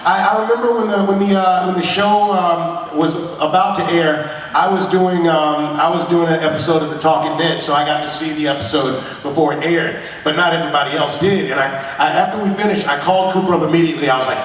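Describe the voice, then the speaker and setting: A man's voice: a little high, steady tone, a little fast, far from the mic. A man on a convention panel, telling stories casually and playfully to the audience and laughing often. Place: large convention hall. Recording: echoey hall, mic heard from afar.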